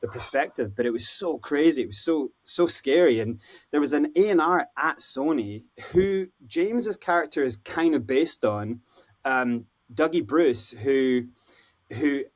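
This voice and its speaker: A Scottish man, a podcast guest, telling stories in a casual, animated way and acting out the voices of people he quotes. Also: mid-range voice, a little slow. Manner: animated, acts out quoted voices, lots of "you know, like". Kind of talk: casual storytelling interview.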